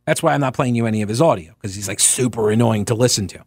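A man's voice: mid-range voice, racing, breathy edge, no echo. A man hosting talk radio, arguing his points with rhetorical questions and restarts, speaking into a studio microphone. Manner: animated, argumentative, with frequent restarts and rhetorical questions. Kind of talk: opinionated talk radio commentary.

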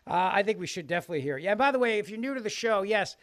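Bright-voiced sarcastic male radio host. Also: high voice, lively intonation, rapid-fire, no echo, clean studio sound. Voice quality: sarcastic, joking. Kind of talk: comedic radio talk.

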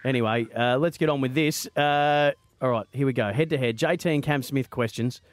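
A man's voice: mid-range voice, fairly quick, no room sound. A man with an Australian accent hosting a radio quiz in a studio, chatty, joking and upbeat. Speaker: radio host.

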